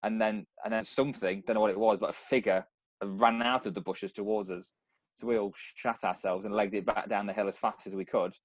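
A man's voice: fairly low pitch, steady tone, a little fast, no echo. A young man, co-hosting a casual podcast and telling rambling stories full of restarts. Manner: rambling storyteller, many restarts. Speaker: podcast co-host.

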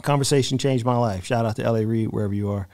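Man, middle-aged, podcast guest, storytelling, acts out quotes, mid-pitched voice. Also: fast, a little mellow. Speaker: guest photographer. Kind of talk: storytelling in casual podcast chat.

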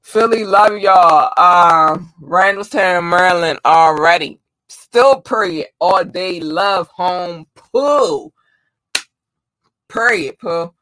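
An excitable man speaks in a high, bright voice, full of warm, gushing energy. He talks slowly and often trips over unfamiliar names. The sound is close and dry, with no room around it. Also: no echo, poor audio. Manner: excited, effusive, stumbles over place names. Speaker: host shouting out listeners. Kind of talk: casual chat.

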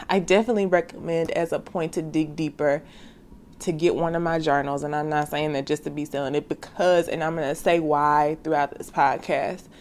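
Heartfelt woman hosting a faith podcast. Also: on the low side. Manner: talks straight to listeners, slangy and heartfelt. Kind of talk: casual devotional podcast monologue.

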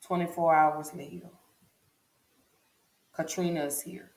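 A woman recounts a personal story straight to camera, her voice sitting low and deliberate. She leans on repetition for emphasis, and the recording carries a noticeable room echo. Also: flat delivery, a little mellow. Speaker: vlogger. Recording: echoey room.

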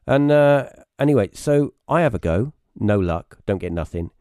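A man with a British accent, a guest telling rambling personal stories casually, restarting often and jumping into high voices when he quotes people. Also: lively intonation, normal speed, a little mellow, clear, resonant tone, dry recording, clean studio sound. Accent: British English. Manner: rambling anecdotal storytelling with many restarts; acts out quoted voices with sudden high pitch. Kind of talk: casual storytelling on a live stream.

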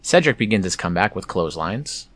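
A man's voice: low voice, big pitch swings, quick pace, a bit bright, no echo. A man hosting a casual play-by-play recap of a wrestling show, slipping in wry, sarcastic asides.

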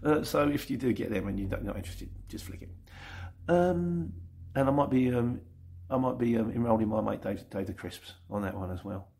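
A middle-aged YouTube channel host with a London accent runs a casual Q&A, reading viewer comments aloud in a chatty, rambling way with self-mocking asides. His voice is mid-range and mellow, at a normal speed.

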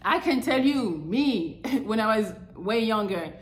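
A woman's voice: fairly high pitch, a little slow, reverberant. A woman hosting a podcast, giving blunt, crude relationship advice and mocking the people she describes. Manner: crude, animated, swings into mocking quoted voices. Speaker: podcast host.

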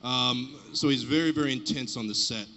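A man's voice: medium pitch, fairly quick, pushed and bright. A man on a convention panel, talking in a good-humored way with hesitant restarts. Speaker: panelist actor. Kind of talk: casual panel banter. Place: convention hall stage. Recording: reverb from a large hall.

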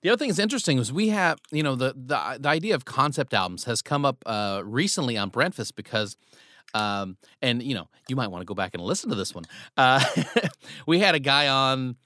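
Bright-voiced male host in a dry room. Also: medium pitch, expressive, no echo. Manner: upbeat, halting, laughs along. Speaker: radio show host. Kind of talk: casual interview chat.

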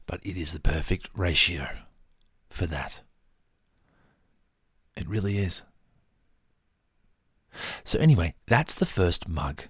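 An Australian vlogger with a deep, gravelly, breathy voice walks through his mug collection in a casual show-and-tell monologue. He rambles and pokes fun at himself, recorded at studio quality with no room sound.

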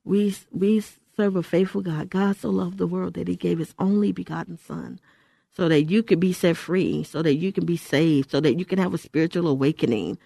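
A woman's voice: on the low side, normal speed, gravelly, warm tone, slightly rough, no room sound. An older woman from Houston hosting a Christian radio show, exhorting listeners in an emphatic voice that repeats phrases for emphasis. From Houston, Texas. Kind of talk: radio ministry talk. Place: radio studio.

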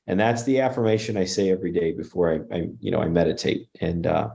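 Deep voiced guy, dark tone, earnest interview guest, stops and restarts a lot. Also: gravelly. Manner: earnest, halting, many restarts. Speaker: paranormal investigator guest. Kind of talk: casual interview chat.

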